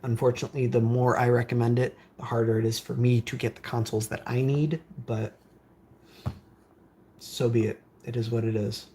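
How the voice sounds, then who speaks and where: A man chatting casually on a live stream, reading out viewer comments and answering them in a loose, rambling way. His voice sits at an ordinary middle pitch. There is a faint hum of noise behind him. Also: little pitch movement, moderate pace, dark tone. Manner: rambling, with frequent fillers. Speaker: streamer building game consoles.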